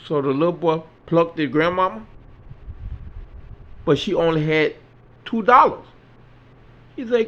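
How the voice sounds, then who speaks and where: A man's voice: high-pitched, expressive, measured pace, long pauses, fairly bright tone. A man telling a long comic joke, acting out every character's lines in turn. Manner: acts out each character in turn, Southern US vernacular. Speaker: joke teller. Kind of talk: storytelling a dirty joke. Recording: dull lo-fi sound.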